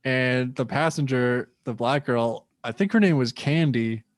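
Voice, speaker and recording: Young male comedian guest, mid-pitched, dry close sound, loose profane storytelling with acted-out quotes. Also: measured pace, no room sound. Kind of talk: casual storytelling.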